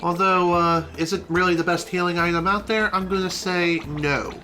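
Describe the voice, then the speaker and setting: A woman's voice: fairly low pitch, steady tone, moderate pace, pushed and bright, faint music behind. A woman giving casual, chatty commentary while playing a video game, opinionated and full of fillers. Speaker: let's play streamer.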